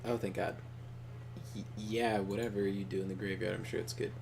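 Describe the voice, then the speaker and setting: A man's voice: on the low side, fairly quick, vocal fry, noisy background. A young man co-hosting a gaming video, telling stories with lots of swearing and laughter while he plays. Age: young adult. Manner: profane, laughing, animated storyteller. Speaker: gaming channel co-host. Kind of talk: casual gameplay commentary and storytelling.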